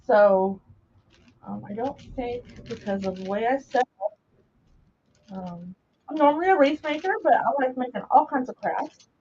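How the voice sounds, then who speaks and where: A middle-aged woman hosts a live craft stream from her home craft room, chatting casually and rambling as she works while greeting viewers by name. Her mellow, fairly high voice has lively intonation, a normal speed and long pauses. A camera mic picks her up as she moves around the table, giving dull lo-fi live stream audio with slight background noise.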